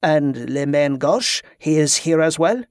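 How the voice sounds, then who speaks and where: A man's voice: on the high side, animated, measured pace, a little mellow, clean tone, dry recording, clean studio sound. A man voicing a reserved, formal male ship captain. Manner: stiff, formal.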